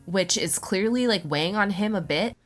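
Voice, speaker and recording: A woman's voice: mid-range voice, normal speed, soft background music. A woman co-hosting a casual reaction chat, candid and opinionated with easy laughter. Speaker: co-host of a reality show reaction channel.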